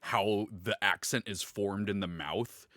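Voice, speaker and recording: A man's voice: fairly low pitch, fairly even intonation, takes it slowly, bright, forceful tone, dry recording, studio quality. A man hosting a casual livestream chat, reading viewer questions and laughing often. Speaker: host.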